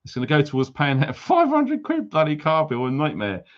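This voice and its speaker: A man's voice: on the high side, huge pitch swings, brisk, lo-fi sound. A man hosting a casual livestream, greeting viewers with jokey, teasing banter. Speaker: livestream host.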